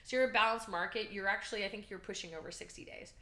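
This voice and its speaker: Bright, lively woman in a roomy echo. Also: mid-range voice, fast talker. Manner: energetic, chatty, animated storytelling. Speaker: real estate coach and guest. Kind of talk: casual podcast chat.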